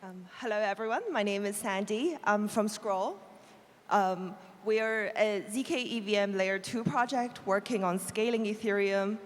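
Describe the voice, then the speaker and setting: A woman's voice: medium pitch, unhurried, a little hiss or hum. A woman introducing her project as a judge on stage, earnest with some fillers. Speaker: company representative, judge. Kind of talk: panel self-introduction. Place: large conference hall stage. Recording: reverberant large hall.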